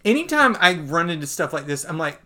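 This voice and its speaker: A man's voice: fairly high pitch, big pitch swings, fairly quick, bright, forceful tone. A man co-hosting a podcast, casually recapping a comic book with rambling asides, laughs and fillers. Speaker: podcast co-host.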